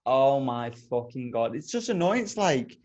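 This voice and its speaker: A man's voice: medium pitch, moderate pace, muffled recording. A young man co-hosting a podcast, telling stories in casual chat and swearing a lot. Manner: animated swearing storyteller. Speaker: podcast co-host.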